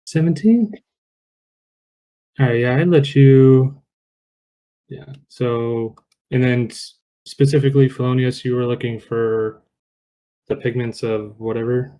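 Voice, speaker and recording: Mellow-voiced man running a tabletop game. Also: medium pitch, unhurried, low-quality recording. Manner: relaxed, filler-heavy narration. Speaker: dungeon master. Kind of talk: narrating a tabletop game online.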